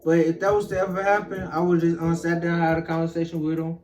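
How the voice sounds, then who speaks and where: Slangy young man, slightly high voice. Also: flat delivery, quick pace, a little mellow, roomy sound, dull audio, faint music behind. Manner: slangy, laughs through his words. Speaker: podcast co-host. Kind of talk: casual chat.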